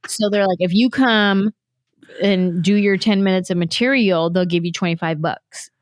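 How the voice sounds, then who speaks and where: Woman from San Jose telling animated stories as a talk show guest, dry studio mic. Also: medium pitch, no echo. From San Jose, California. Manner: animated, fast storyteller who acts out quotes. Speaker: comedian guest. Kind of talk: casual interview storytelling.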